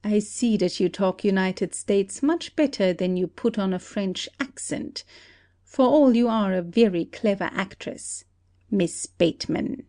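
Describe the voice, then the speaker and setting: A woman voicing a shrewd country detective who calmly lays out an accusation in a play reading. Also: medium pitch, natural voice. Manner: steady, deliberate accusing. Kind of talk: amateur audiobook play reading.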